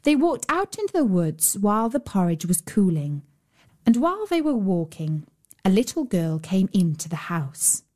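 A woman narrating a bedtime fairy tale as a storyteller, with a gentle storybook cadence. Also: mid-range voice, very animated, moderate pace.

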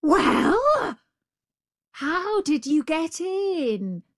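A woman voicing a savage, impatient male tiger with a loud, bossy, blustering manner. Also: very high voice, very animated, very slow, no echo, studio quality, voice pushed up, full character voice. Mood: demanding.

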